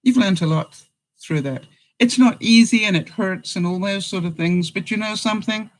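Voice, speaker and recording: A man's voice: high-pitched, normal speed, poor audio. A man from England, hosting a casual vlog and answering viewers in a rambling way, often chuckling and full of fillers. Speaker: vlogger host.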